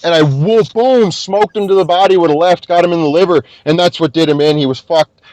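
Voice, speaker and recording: High-voiced man telling stories. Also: a little fast, no echo, rough recording. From Nova Scotia, Canada. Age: young adult. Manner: animated, profane, swears constantly. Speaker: podcast guest. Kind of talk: casual storytelling.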